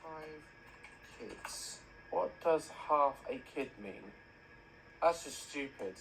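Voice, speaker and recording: A man's voice: fairly high pitch, animated, drawn-out words, creaky, slight background noise, rough recording. A man hosting a reaction video, mocking what he watches with jokey, sarcastic commentary. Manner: mocking, jokey, laughs at his own dark jokes.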